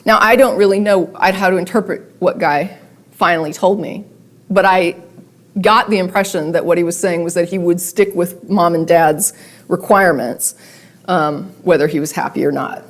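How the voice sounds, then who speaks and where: A woman giving a public talk, speaking conversationally with wry asides and animated emphasis. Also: fairly low pitch, moderate pace. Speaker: guest speaker. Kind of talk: public talk with read-aloud letters.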